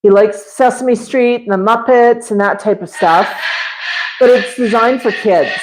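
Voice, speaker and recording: This is a woman's friendly, rambling voice from a home livestream, sitting a touch above the usual pitch for a woman. She answers viewers in loose casual chat and keeps switching to a sweet, high coaxing tone for her parrots. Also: a little slow, very noisy. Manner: chatty, switches to high coaxing pet-talk with the birds. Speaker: parrot owner hosting a livestream.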